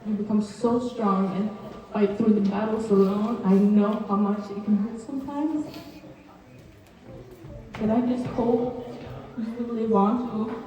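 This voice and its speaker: A woman's voice: mid-range voice, steady tone, measured pace, long pauses, warm tone. Nervous young woman giving a toast. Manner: nervous, tearful, laughing between words. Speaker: cousin giving a birthday speech. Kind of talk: emotional birthday toast. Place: large hall at a party. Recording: echoey hall, mic far off, crowd noise. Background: party crowd.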